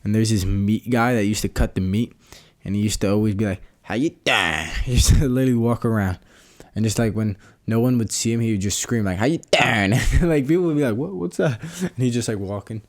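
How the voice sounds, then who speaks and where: A young man chatting on his own podcast in a loose, rambling way, full of slang and filler phrases. His voice sits on the low side and sounds mellow and relaxed rather than bright. It is a casual, unscripted solo talk. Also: fast talker. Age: young adult. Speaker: podcast host.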